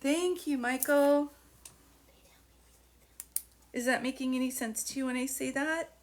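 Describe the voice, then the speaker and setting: A woman's voice: high-pitched, steady tone, unhurried. A middle-aged woman giving a live-stream psychic reading, talking in a chatty, encouraging way with many fillers and restarts. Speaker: psychic medium.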